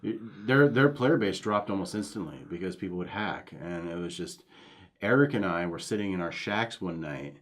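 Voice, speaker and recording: Male co-host, lower voice, swears a lot, animated storyteller in a casual gaming chat. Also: normal speed. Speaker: podcast co-host.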